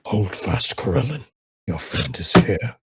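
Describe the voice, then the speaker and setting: A man voicing a weary, heroic old warrior who speaks slowly and earnestly to a fallen friend. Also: low voice, expressive, heavy background noise. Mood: solemn. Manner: slow, solemn and earnest.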